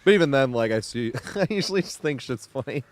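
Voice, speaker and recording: This man's voice sits in the middle range as he chats on his gaming livestream, talking fast. He's laid-back and stoned, rambling, laughing often and cursing casually.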